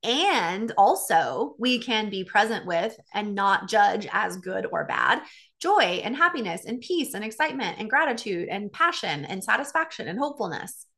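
A woman's voice: mid-range voice, normal speed. A woman coach talking casually and candidly, retelling a conversation with a friend and quoting both sides. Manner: candid, animated retelling with quoted dialogue. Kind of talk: casual solo talk.

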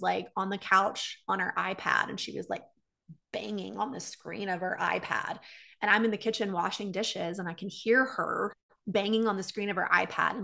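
A woman's voice: medium pitch, creaky, bright, forceful tone. A woman in her thirties candidly telling a personal story, animatedly acting out quoted dialogue.

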